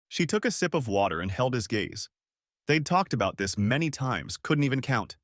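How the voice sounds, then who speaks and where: A man narrating an audiobook story in an expressive storytelling read. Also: mid-range voice, moderate pace, dry recording, studio quality. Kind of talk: scripted narration.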